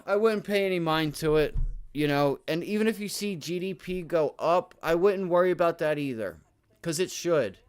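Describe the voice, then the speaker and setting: Cursing, chatty day-trading streamer. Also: male voice, on the high side, moderate pace, clean tone. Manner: frustrated muttering and cursing, then explaining charts to viewers; repeats filler words like right and my friend. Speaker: livestream day trading host. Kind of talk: casual live-stream commentary.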